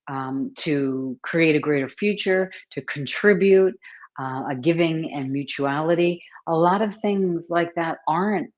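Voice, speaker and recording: A woman hosting a casual live stream, chatting warmly and greeting viewers by name as she talks. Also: sits low. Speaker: host, author and coach. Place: at home, book behind her. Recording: slightly dull, lo-fi sound.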